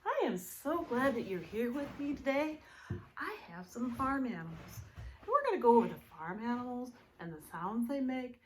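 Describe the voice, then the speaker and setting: A woman teaching young children about farm animals in a sing-song, animated way, imitating the animal sounds and sometimes dropping to a hushed whisper. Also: on the high side, normal speed, slight background noise. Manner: drops to a hushed, breathy whisper at times. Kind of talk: children's video lesson.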